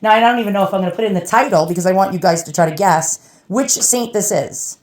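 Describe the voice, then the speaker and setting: Woman with a New York accent, chatty unboxing host who talks right to the viewers, mid pitch, close mic. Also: fast talker. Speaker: relic restorer and video host. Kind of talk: casual unboxing commentary.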